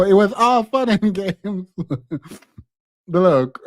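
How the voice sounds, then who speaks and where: A man with a notably high voice talks casually to his live-stream audience, with frequent laughter and dramatic pauses. The sound is dry and close, with no room around it. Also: lively intonation, no room sound. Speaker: streamer and commentator.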